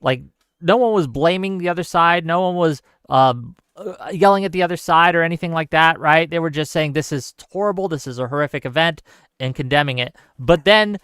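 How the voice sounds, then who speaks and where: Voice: medium pitch, a little fast, fairly bright tone, clean tone, no echo, clean studio sound. A livestream show host in an online panel discussion, talking earnestly and with rising passion over a voice call. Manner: earnest, grows passionate and emphatic.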